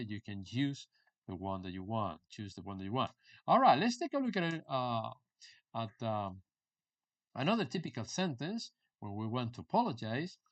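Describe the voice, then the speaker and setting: Lively man teaching an English lesson. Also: mid-range voice. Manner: lively teacher, repeats example phrases slowly, laughs at himself. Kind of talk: live online lesson.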